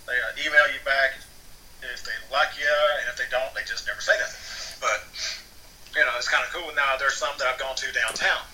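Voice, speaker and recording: A man's voice: mid-range voice, steady tone, fairly quick, pushed and bright, far from the mic, a little hiss or hum, rough recording. A man, an actor guest, telling a casual, rambling story that circles back and repeats words as he restarts sentences. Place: home near Atlanta.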